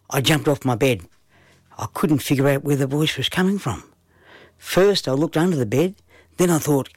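A man telling a children's story in an unhurried storytelling manner. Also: mid-range voice, dry recording.

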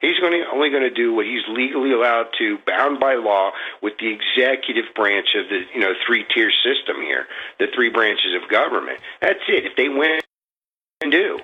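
A man's voice: medium pitch, lively intonation, moderate pace, breathy edge, highs cut off. A man calling in to a talk show, venting about politics in a rambling, frustrated way, full of fillers and restarts. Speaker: caller. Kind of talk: political call-in rant. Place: Florida.

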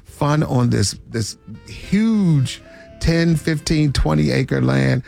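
A man's voice: on the high side, lively intonation, slow pace, vocal fry, darkish tone, faint music behind. A man as a charity guest on morning radio, earnest and explaining, on a studio mic.

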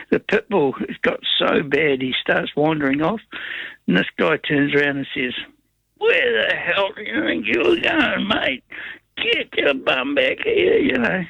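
Kiwi bloke calling into radio, gravelly voice, telling a yarn, muffled line. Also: male voice, a little high, no echo. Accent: New Zealand. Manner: rambling, chuckling yarn-spinner. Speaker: caller. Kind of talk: casual storytelling on talkback radio.

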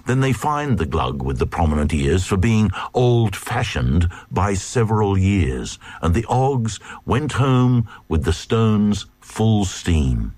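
A man's voice: lowish voice, very animated, slow pace, few pauses, a little mellow, dry recording. A man giving a dramatic reading of a comic verse tale in a rhythmic, sing-song delivery. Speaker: reader.

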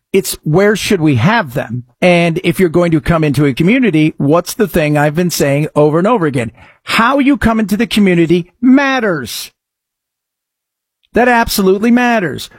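A man's voice: high-pitched, breathy edge, no room sound. A man delivering emphatic opinion commentary, full of rhetorical questions and frequent restarts.

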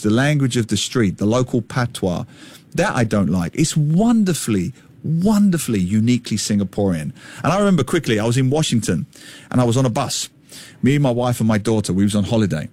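A middle-aged man with an East London accent, talking as a podcast guest in an emphatic, animated storytelling way. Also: medium pitch, fairly quick, no room sound. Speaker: guest, author and former teacher. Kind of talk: casual podcast conversation.

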